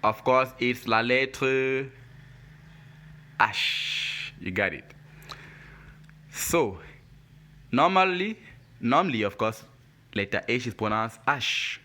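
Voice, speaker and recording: A man teaching French pronunciation letter by letter, patient and deliberate. He says each word, asks the listener to repeat it, and praises them. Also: medium pitch, animated, pushed and bright. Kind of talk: slow, deliberate language lesson.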